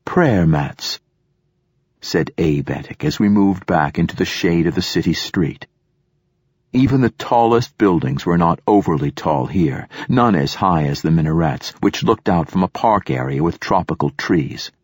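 A man narrating an audiobook in a steady, even storytelling manner. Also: sits low, normal speed, slightly rough, no echo. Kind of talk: scripted narration.

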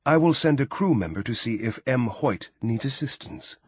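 A man's voice: medium pitch, animated, normal speed, breathy edge, dry recording, pitched above the performer's own voice. A man voicing a reserved, polite male ship captain in an audiobook reading. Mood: courteous.

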